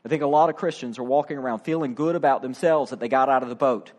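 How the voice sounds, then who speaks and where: A man's voice: medium pitch, fast, darkish tone. A middle-aged male pastor preaching a sermon, acting out the quoted voices with drama.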